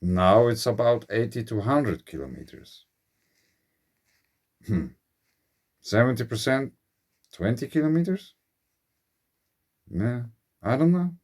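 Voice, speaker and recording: A man with a Finnish accent, speculating in a slow, musing monologue as host of his channel, his English phrasing a little uneven. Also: mid-range voice, expressive, darkish tone.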